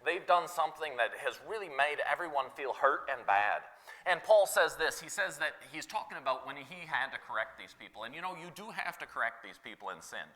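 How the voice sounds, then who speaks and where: A high, lively male voice preaching in a church, swinging widely in pitch as he talks. His tone is very bright and sharp, and he keeps it loose and chatty, dropping in "you know" and short laughs. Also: a little fast. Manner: conversational, animated, lots of "like" and "you know", laughs often. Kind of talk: sermon.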